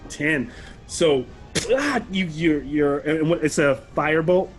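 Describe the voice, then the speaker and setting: A man's voice: fairly high pitch, takes it slowly, faint music behind. A man narrating a tabletop game as game master, rambling along with lots of fillers.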